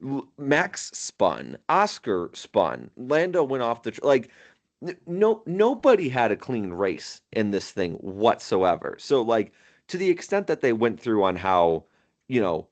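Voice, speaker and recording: A man with a fairly low, sing-song voice co-hosts a podcast, talking a little slowly. He chuckles frequently over funny moments and rambles along, full of fillers and restarts.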